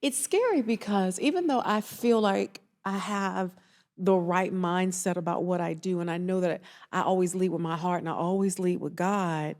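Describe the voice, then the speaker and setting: Woman from Atlanta, therapist guest, earnest and reflective, noticeable fry in the voice. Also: fairly low pitch, normal speed, darkish tone. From Atlanta, Georgia. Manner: earnest, reflective, emotional storytelling. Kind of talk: casual interview chat.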